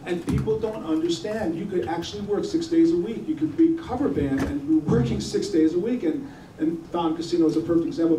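A man telling a lively anecdote on stage, acting out the voices of the people in his story. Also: fairly high pitch, a little hiss or hum. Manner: acts out voices in his stories, laughing. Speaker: guest storyteller, rock guitarist. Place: arts center hall with audience. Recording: echoey hall, distant mic, crowd.

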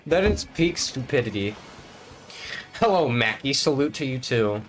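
A man streaming a video game, chatting to viewers by name and yelping high when a play goes wrong, goofy and quick to joke. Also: slight background noise. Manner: excitable, jumps to high yelps at misses. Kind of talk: live gameplay commentary with viewers. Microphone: desk microphone, no camera.

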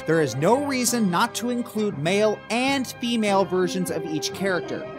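Sarcastic, animated male commentator. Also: sits high, normal speed, over music. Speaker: video game commentator. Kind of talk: comedic commentary.

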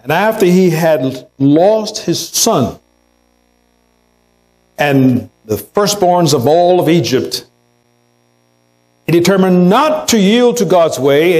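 Pastor in a church sermon: a man with a high, unhurried, earnest delivery. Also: darkish tone, low-quality recording. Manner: earnest preaching, acts out quotes in a raised voice. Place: church sanctuary.

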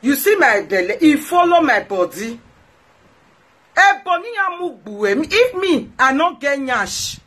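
Speaking in a high, somewhat bright voice with wide pitch swings and an unhurried pace, a woman with a Nigerian Pidgin accent hosts her own show. She rants at her followers, indignantly scolding someone and repeating phrases to drive her point home.

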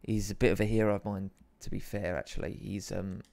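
A man's voice: lowish voice, flat delivery, a little fast, creaky, a little mellow. A man hosting a live stream, chatting casually with viewers and reading out their comments, with a rambling, self-deprecating manner.

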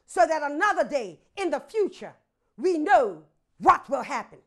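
Woman, pastor, sermon, very high pitch, rousing call-outs, laughing. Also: very animated, normal speed. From Bermuda.

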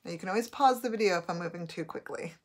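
A woman teacher giving a recorded spelling test, dictating words slowly and repeating each one. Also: fairly low pitch.

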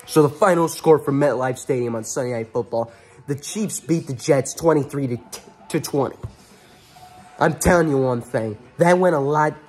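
A man's voice: medium pitch, darkish tone. A man hosting his own sports fan channel, ranting angrily after a game and repeating himself for emphasis. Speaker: sports fan vlog host.

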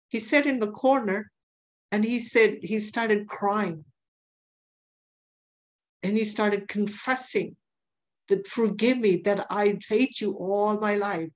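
A woman's voice: medium pitch, takes it slowly, pauses often. Give me a woman preaching earnestly, a storytelling sermon with repeated phrases.

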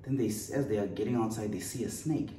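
A man's voice: lowish voice, fast, mellow. A man preaching a sermon with an earnest, storytelling delivery, recorded in a church. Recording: roomy echo, distant mic, faint noise.

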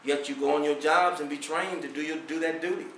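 A high-voiced man preaching a Friday sermon with fervor, firing rhetorical questions and building to near-shouts. His tone is bright and ringing. He is picked up from a distance in an echoing prayer hall. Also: steady tone, brisk, slight background noise. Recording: echoey room, voice from far off.

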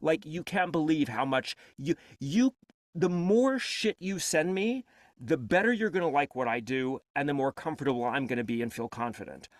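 A man speaks in a quick, rambling flow on a panel about audiobook work, often stopping to restart his sentences. His pitch sits a little high and swings widely. The sound is dry and close. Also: expressive, no room sound. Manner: rapid, rambling, self-interrupting. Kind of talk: casual panel talk.

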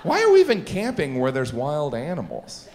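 A middle-aged man doing stand-up comedy on stage, slipping quickly into silly character voices. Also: on the high side, huge pitch swings, darkish tone. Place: stage before a laughing audience. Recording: live show with audience noise.

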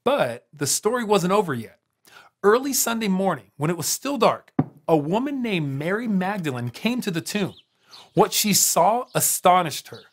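A man tells a scripted Bible story for children with dramatic pauses. His pitch moves in lively ups and downs. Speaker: storyteller on a kids' show.

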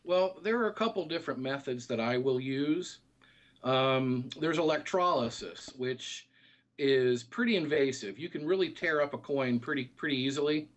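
A man, a guest in a casual interview, explaining things in a relaxed, easygoing way. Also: medium pitch, moderate pace, dull audio.

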